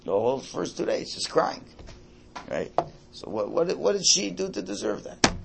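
An older man teaching a religious class to a room, lively and animated, often checking in with his listeners. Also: fairly high pitch, normal speed, gravelly, noisy background. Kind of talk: lecture to a class.

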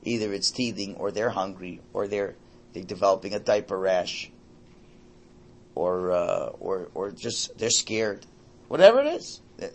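Older guy teaching a class, swoops up and down a lot, kinda raspy, always going "okay? right?". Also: medium pitch. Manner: animated, keeps checking in with listeners. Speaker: religious teacher. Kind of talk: lecture to a class.

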